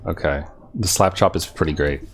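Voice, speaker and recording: A man's voice: rumbling low, moderate pace, a little hiss or hum. A male streamer chatting casually to his viewers, rambling and self-deprecating and laughing at his own jokes.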